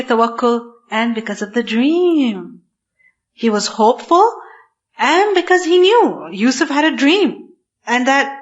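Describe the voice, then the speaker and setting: A woman giving a scripture lecture, emphatic, asking herself rhetorical questions and reciting Arabic verses quickly. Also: sits high, lo-fi sound. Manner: emphatic, asks rhetorical questions then answers them. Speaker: Quran teacher. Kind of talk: tafsir lecture.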